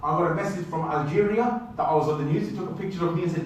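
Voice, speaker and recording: A man telling a travel story to an audience in an animated way, speaking to them directly. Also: a little high, racing. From United Kingdom. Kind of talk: storytelling talk. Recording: echoey hall, mic at a distance.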